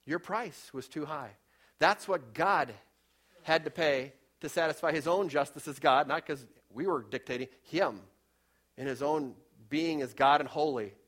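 A man preaching a sermon, telling a story with fervent, pleading emphasis, swinging between loud, high bursts and quiet, low passages. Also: unhurried. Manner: storytelling, rises and drops in loudness for emphasis.

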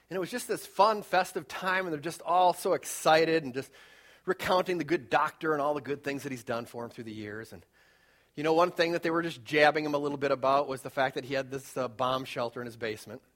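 A male pastor preaching a sermon in a conversational, emphatic way, moving between loud urging and hushed storytelling. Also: mid-range voice.

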